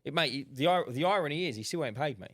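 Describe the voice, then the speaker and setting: Fast-talking man telling stories. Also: fairly high pitch, no echo, clean studio sound. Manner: animated storyteller acting out customer dialogue. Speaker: podcast co-host, window cleaner. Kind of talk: casual chat.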